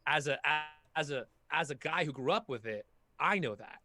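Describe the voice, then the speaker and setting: Bright-voiced man on a video call. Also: a little high, normal speed. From half Filipino heritage. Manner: animated, talkative storyteller. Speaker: voice actor guest. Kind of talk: casual workshop talk.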